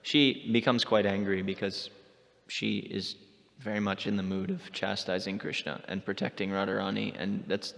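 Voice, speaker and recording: A man giving a scripture class in an animated storytelling manner, in a temple hall. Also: lowish voice, gravelly. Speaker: class speaker.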